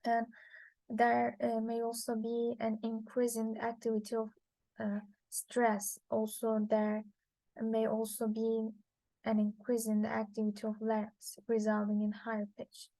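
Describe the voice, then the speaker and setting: Woman, Turkish native, slightly high voice, dry close recording, halting lecture reading. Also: completely flat delivery, mellow, no echo, low-quality recording. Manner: halting, with frequent uh fillers and restarts. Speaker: linguistics lecturer. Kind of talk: reading lecture slides aloud.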